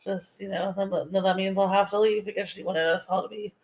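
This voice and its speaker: A woman's voice: mid-range voice, steady tone, brisk, a little mellow. A woman co-hosting a podcast, talking emotionally in casual chat with many "you know"s. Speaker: podcast co-host.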